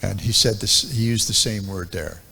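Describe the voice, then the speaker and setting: Low gravelly older man reminiscing. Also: pushed and bright, a little hiss or hum. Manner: reflective storytelling, unhurried, many ums and uhs. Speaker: temple speaker. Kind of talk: reminiscing devotional lecture.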